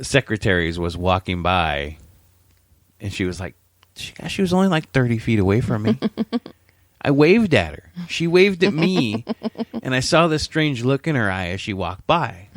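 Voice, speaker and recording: Low-voiced man with a lively delivery. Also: no room sound, clean studio sound. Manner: lively, jokey, swears, acts out the people in his story. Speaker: podcast co-host. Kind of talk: casual storytelling chat.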